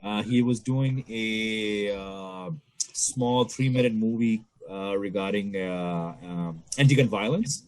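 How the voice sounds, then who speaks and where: Casually telling a story on a podcast, a young man from the Toronto area in Canada swears, laughs, and leaps into high voices whenever he hits a punchline.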